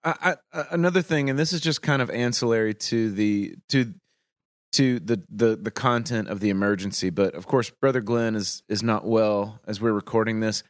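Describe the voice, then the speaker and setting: Male podcast host, dry humor, halting restarts, close dry mic. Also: on the low side, no room sound. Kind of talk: casual chat.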